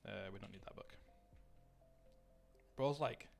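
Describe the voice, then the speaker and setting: A man's voice: fairly low pitch, takes it slowly, gravelly, soft background music. A man chatting casually to his live-stream audience while gaming, rambling, swearing and greeting viewers by name.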